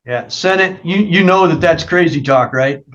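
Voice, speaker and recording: A man's voice: a little high, moderate pace, a bit bright, muffled recording. A male judge at a hearing, asking firm, probing questions.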